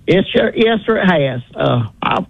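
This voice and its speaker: A man's voice: fairly high pitch, expressive, unhurried, vocal fry. An older man with many grandchildren calling in to a radio show, polite and saying "sir". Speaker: caller. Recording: tinny phone line.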